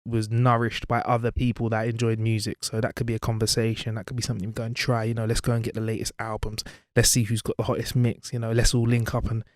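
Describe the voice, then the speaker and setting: A man's voice: medium pitch, monotone, fast, hardly any pauses, dry recording, studio quality. A man in his twenties, a media presenter and guest, chatting casually and animatedly with many "you know"s. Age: 20s. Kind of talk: casual interview chat and storytelling.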